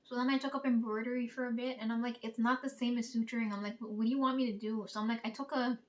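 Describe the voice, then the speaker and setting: A woman's voice: a little high, fairly even intonation, fast talker. A woman telling a casual, rambling story to her viewers, swearing freely and filling her talk with "like" and "right?". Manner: profane, rambling, peppered with "like" and "right?". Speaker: vlogger.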